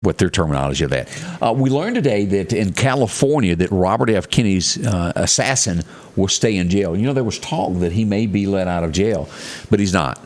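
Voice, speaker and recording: A deep-voiced man, co-hosting a morning news chat. His pitch rolls up and down a lot as he talks. He reads the headlines in a folksy, chatty way, with plenty of asides. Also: animated, brisk. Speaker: morning show co-host.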